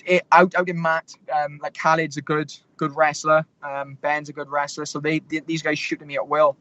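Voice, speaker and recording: A man's voice: fairly high pitch, flat delivery, moderate pace, pushed and bright, no room sound, dull audio. A young man in his twenties, a fighter, rambling through stories with lots of fillers and restarts. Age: 20s. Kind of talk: casual interview storytelling.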